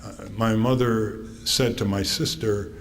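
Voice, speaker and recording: A man in his eighties from Connecticut, giving a talk to an audience and telling wry family anecdotes with frequent pauses. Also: on the low side, fairly even intonation, vocal fry. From Connecticut, USA. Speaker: author giving a public talk. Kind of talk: storytelling speech to an audience. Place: theater stage. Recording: long theater reverb, faint noise.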